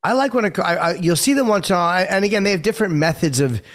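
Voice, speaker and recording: A male podcast host chatting with a guest, his questions winding and full of restarts. His voice sits somewhat high for a man. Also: lively intonation, rapid-fire. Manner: conversational, rambling questions with restarts. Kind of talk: casual interview chat.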